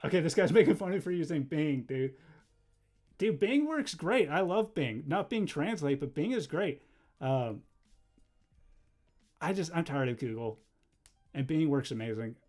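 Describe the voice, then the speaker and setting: A young man chatting casually on a livestream while he draws, rambling and easily distracted, laughing often and bursting into loud excited exclamations. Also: a little high, moderate pace, long pauses, soft background music. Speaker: livestreaming animator.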